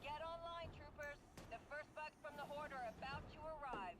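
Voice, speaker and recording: A stern in-game announcer, voiced by a man, barks orders over a radio channel in a high, pressing voice. Loud game music runs beneath the call. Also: moderate pace. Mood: commanding.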